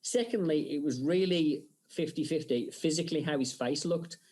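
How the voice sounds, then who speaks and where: A man's voice: on the high side, normal speed, rough recording. Chatty man, lots of restarts. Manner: chatty, animated, lots of restarts and quoted asides. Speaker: film director. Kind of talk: casual interview talk.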